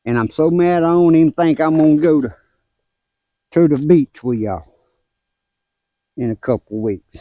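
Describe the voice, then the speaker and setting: With frequent pauses and a moderate pace, an older man recounts folksy grandkid stories for a casual gardening vlog shot outdoors in his garden. He laughs between tales and raises his pitch when telling them. The audio is narrow and tinny, with no room sound.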